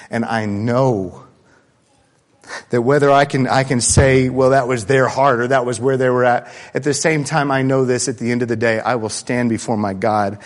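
A man preaching a sermon as pastor, animated and swinging between loud bursts and hushed asides. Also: on the low side. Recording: long hall reverb.

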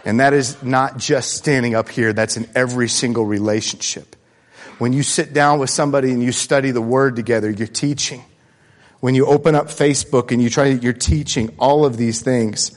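Animated male pastor in a reverberant hall. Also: medium pitch, normal speed. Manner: animated, swinging from loud to hushed. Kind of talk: sermon.

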